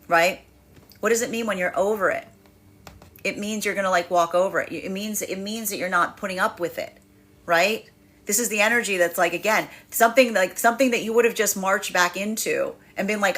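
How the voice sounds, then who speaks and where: Animated woman giving a tarot energy reading. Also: medium pitch, moderate pace. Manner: animated, acts out quoted inner voices, stammers and laughs. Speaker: tarot reader. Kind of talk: spiritual energy reading monologue.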